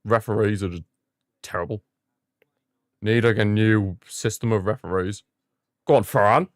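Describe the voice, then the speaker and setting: A young man hosting a live football watchalong, giving excitable fan commentary and ranting at the referee. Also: on the low side, normal speed, dry recording, clean studio sound. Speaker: watchalong host.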